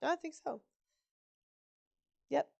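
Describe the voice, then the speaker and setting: A woman reading a book aloud on a live stream, pausing for chatty, digressive asides and correcting her own slips. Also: mellow. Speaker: live-stream story reader.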